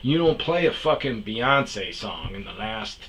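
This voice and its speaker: A man's voice: lowish voice, sing-song, a little slow, a bit bright, a little hiss or hum, poor audio. A man hosting a podcast, telling a story in a profane, heated rant that keeps restarting its sentences. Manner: swears often, restarts sentences, gets heated. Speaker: podcast host.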